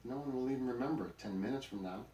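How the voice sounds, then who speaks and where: A man's voice: medium pitch, racing, dark tone, a little hiss or hum, pitched above the performer's own voice, close to an everyday voice. A man voicing an old male buzzard grandpa in a storybook, sly, teasing and full of wisecracks. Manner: wisecracking, chuckling jokes. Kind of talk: storybook character voice. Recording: roomy recording, mic at a distance.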